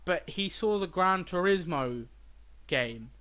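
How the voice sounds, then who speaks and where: A young man co-hosting a casual podcast, telling animated stories and swearing freely. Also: high voice, takes it slowly, clean tone. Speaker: podcast co-host. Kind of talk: casual chat.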